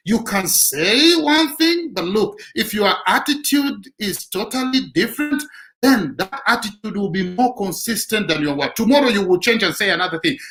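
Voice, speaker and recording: Male motivational speaker, preachy delivery, very animated intonation. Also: high-pitched, rough recording. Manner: preachy, repeats key lines for emphasis. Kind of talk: motivational talk.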